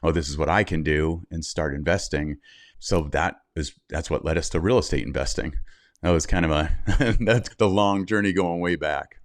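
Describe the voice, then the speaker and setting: Low-voiced man telling a candid story. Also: moderate pace, no echo, studio quality. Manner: candid, animated storyteller who acts out quotes. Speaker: guest. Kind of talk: interview storytelling.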